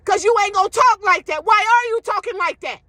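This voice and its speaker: Brief: outspoken woman ranting straight to camera, bright, high and emphatic. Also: brisk, no room sound, studio quality. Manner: emphatic, blunt, profane. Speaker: social media commentator. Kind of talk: ranting monologue to viewers.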